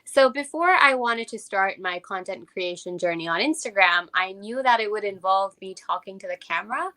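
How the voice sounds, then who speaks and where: A woman's voice: medium pitch, animated, moderate pace, sharp tone. A young woman raised in Japan, speaking with an American accent, telling a personal story as an interview guest and reflecting aloud with many fillers.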